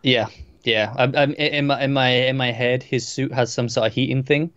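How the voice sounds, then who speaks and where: A man's voice: mid-range voice, moderate pace. Stammering male podcaster, lo-fi sound. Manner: relaxed, stammers and repeats words. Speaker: podcast co-host. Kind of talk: casual chat.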